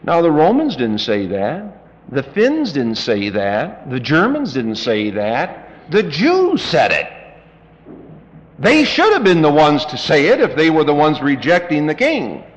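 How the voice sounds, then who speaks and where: A man's voice: fairly high pitch, huge pitch swings, a little slow, highs cut off. A male pastor preaching a sermon in a folksy, emphatic and dramatic way, in a reverberant church hall.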